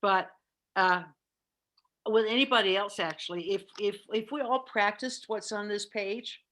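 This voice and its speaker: Casting: middle-aged woman trainer, earnest, mid-pitched, often restarts phrases. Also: a little slow, fairly bright tone, a little hiss or hum. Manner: earnest, self-correcting, repeats words. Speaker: caregiving trainer. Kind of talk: presentation with discussion.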